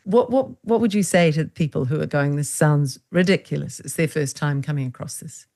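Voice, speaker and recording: Low-voiced, emphatic woman host. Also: moderate pace, a little mellow. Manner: emphatic, speaks directly to viewers, indignant. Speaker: interviewer, host. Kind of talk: conversational interview.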